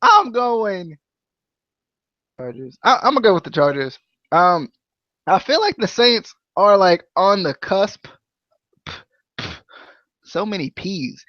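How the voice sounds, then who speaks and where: A man's voice: high voice, lively intonation, takes it slowly, long pauses, no echo, dull audio. A man co-hosting a podcast, chatting playfully about football picks and breaking into sing-song chants. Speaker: podcast co-host. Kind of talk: casual chat, football picks.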